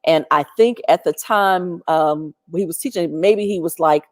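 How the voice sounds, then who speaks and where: A woman tells a personal story in a lively, animated way, breaking up her sentences with fillers. Her voice sits on the low side, and the sound is dry and close with no room echo. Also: a little slow. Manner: animated, laughing, lots of fillers.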